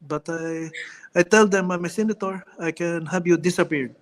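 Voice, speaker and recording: A man impersonating a boastful middle-aged Filipino boxer-senator, with a Filipino accent and slow, halting, "uh"-filled speech. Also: high voice, close to an everyday voice. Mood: deadpan boastful. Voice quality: slow halting delivery full of "uh".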